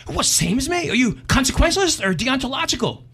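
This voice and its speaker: A shrill, high-pitched woman who fires off questions with zealous eagerness and turns sharp in an instant, as a man puts her on. The voice sits far above a man's natural register. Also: very animated, a little hiss or hum, exaggerated voice. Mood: eager. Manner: eager, rapid questioning, sudden yelling.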